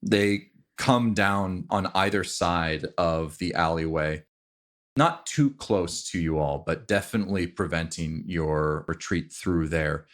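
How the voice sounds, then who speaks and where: Brief: male game master, very low voice, measured unhurried narration. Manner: relaxed, descriptive, with fillers and restarts.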